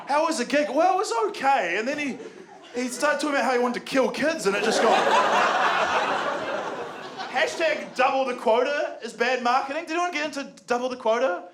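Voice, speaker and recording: A man's voice: extremely high pitch, moderate pace, pauses often. A young man with a New Zealand accent doing live stand-up comedy, sardonic and sweary, often laughing at his own jokes. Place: comedy venue before a live audience. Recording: loud crowd laughter and room noise.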